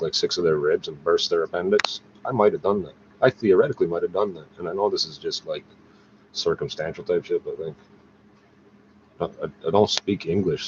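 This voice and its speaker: A man in a rambling, agitated, profane monologue to his camera, recorded on the device's own mic. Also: deep voice. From Canada. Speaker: vlogger. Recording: dull lo-fi with faint noise.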